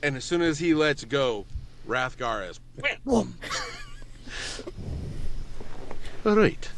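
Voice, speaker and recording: Slow, animated male game master. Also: a little high, slight background noise. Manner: laughing, animated storytelling. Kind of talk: narrating a tabletop game.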